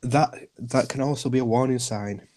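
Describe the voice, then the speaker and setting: Speaking at a normal speed in a mid-range, somewhat mellow voice, a man who founded a community group is being interviewed on a podcast. His message about caring for each other comes across as earnest and reassuring, and he tends to repeat himself.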